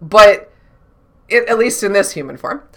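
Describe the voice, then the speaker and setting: A woman's voice: medium pitch, lively intonation, a little slow, a bit bright. A woman who works as an intuitive channeler, thinking aloud in a reflective solo talk, questioning herself and restarting her sentences often.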